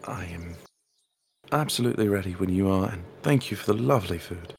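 A man's voice: low voice, expressive, fairly quick, vocal fry, a little mellow, slight background noise. A young man playing a tabletop game, talking in a hesitant way with lots of fillers and laughs. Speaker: tabletop player. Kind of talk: in-character tabletop play.

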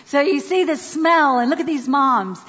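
A woman speaking to an audience in an animated, demonstrative way. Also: high voice, normal speed. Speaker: speaker at a church gathering. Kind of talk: lively talk to an audience. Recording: dull sound with long hall reverb.

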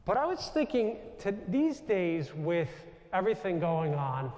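A man's voice: high voice, sing-song, a little slow, darkish tone, echoey room, long reverb tail. A man with a New York accent, a Jesuit priest giving a conversational storytelling talk to a live audience. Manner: conversational, anecdotal, with self-corrections.

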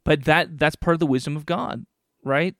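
A man's voice: a little high, steady tone, moderate pace, a bit bright, dry recording, clean studio sound. A man hosting a casual interview, encouraging his guest, with lots of fillers like "you know". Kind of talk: casual chat.

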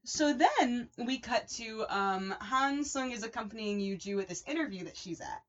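A woman's voice: fairly high pitch, lively intonation, normal speed. A woman co-hosting a casual recap chat, who laughs often and acts out characters' lines. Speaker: podcast co-host. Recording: dull lo-fi audio.

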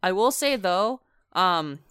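A woman co-hosting a casual video game chat, talking quickly with lots of fillers and dry sarcasm. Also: on the low side, lively intonation, fairly bright tone, smooth, no echo. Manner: chatty, filler-heavy, sarcastic. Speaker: video game podcast co-host.

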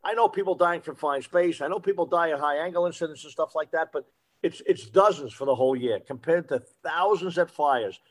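A man co-hosting a podcast who talks shop about firefighting in a relaxed, explanatory way. His voice sits a little high for a man, and he often circles back to repeat a phrase for emphasis. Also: a little fast. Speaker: podcast co-host, veteran firefighter. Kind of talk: casual shop talk.

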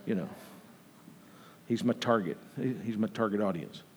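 A man's voice: lowish voice, moderate pace, a little mellow, slight background noise. A man preaching an informal sermon, conversational, with frequent restarts and asides to the congregation. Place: church sanctuary. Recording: long reverb from a church hall.

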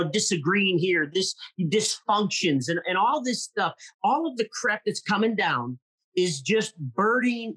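A host responding earnestly in casual chat, halting and restarting his words. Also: medium pitch, fairly bright tone.

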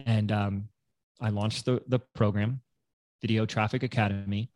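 Animated male storyteller, dry sound. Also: lowish voice, normal speed, no echo. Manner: animated storyteller, acts out voices in quotes. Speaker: guest entrepreneur. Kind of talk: casual storytelling interview.

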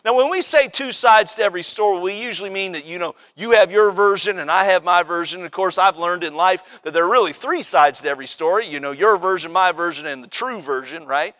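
A man's voice: sits high, fairly quick, few pauses, bright, forceful tone. A man preaching a sermon in a conversational, emphatic way, often repeating and restarting his words.

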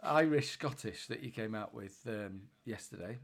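A man co-hosting a podcast, teasing his partner in a casual chat and often pausing with ums and uhs. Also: on the low side, gravelly. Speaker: podcast co-host.

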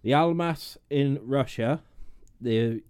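Young man, casual podcast chat, rambling, laughs a lot, mid pitch. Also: takes it slowly, a little mellow, clear, resonant tone. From United Kingdom. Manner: rambling, laughs often, restarts. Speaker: podcast co-host.

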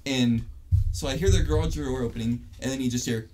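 A man's voice: mid-range voice, brisk, background noise. A young man telling a story in casual chat, rambling and swearing with lots of restarts. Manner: rambling, profane, many restarts.

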